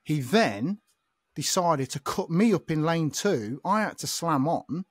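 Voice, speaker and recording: A man from the telling an animated story on a casual podcast. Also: on the high side, measured pace, husky, no echo, clean studio sound. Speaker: podcast co-host, truck driver.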